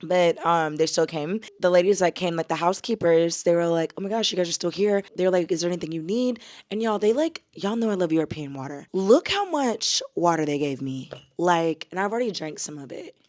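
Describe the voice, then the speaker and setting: A woman's voice: on the low side, lively intonation, a little fast, few pauses, darkish tone. Chatty young woman vlogging. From United States. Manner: chatty, many fillers, addresses viewers as y'all. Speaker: travel vlogger. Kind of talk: casual vlog chat to camera.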